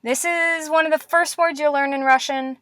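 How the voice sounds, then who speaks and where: A woman teaching Russian letters in a classroom-style lesson, patient and encouraging, repeating words slowly. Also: sits high, fairly even intonation, bright, forceful tone, no echo, clean studio sound.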